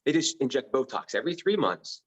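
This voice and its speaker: A man's voice: medium pitch, very animated, slightly rough, dull audio. Earnest male doctor guest. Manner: earnest and enthusiastic, with quick asides. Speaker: physician guest. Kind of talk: conversational interview.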